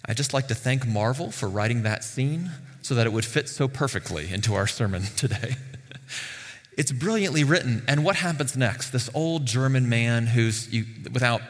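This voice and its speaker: A man delivers a sermon in a relaxed, conversational way, tossing questions to his listeners and rising into sudden emphasis. His voice sits at a middle pitch and carries a long reverb from a large hall. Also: normal speed. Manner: lively, conversational with rhetorical questions and laughs. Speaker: pastor. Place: church sanctuary.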